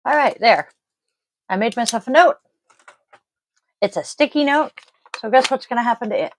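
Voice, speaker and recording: A woman with a slightly high voice and lively intonation hosts a daily tarot and oracle card reading from home, where family can be heard off-mic. She speaks at a moderate pace, casually, with blunt swearing and rambling asides. The audio is poor, with slight background noise.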